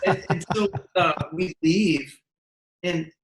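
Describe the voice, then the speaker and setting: In an echoey room, a musician appearing as an interview guest tells casual stories with a high-pitched voice at a slow pace, with a little hiss or hum on the recording. He gets animated, performs the quotes he recounts, and frequently starts his sentences over.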